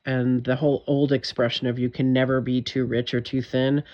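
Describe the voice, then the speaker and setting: A woman's voice: a bass voice, little pitch movement, moderate pace. Intense, emphatic woman on a muffled recording. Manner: intense, emphatic, swearing, frustrated. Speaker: vlogger. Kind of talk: direct-to-camera monologue.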